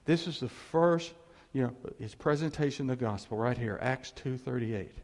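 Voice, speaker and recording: A man's voice: medium pitch, normal speed. A man preaching a conversational sermon as pastor, acting out voices as he tells it. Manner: animated, conversational, acts out quoted voices. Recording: long reverb of a hall.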